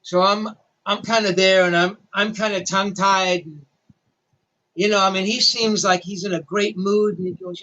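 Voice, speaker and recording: Older guy spinning a story, high voice, dull muffled sound, pokes fun at himself. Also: moderate pace. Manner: animated anecdotal storyteller, self-deprecating. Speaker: rock journalist. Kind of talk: storytelling interview.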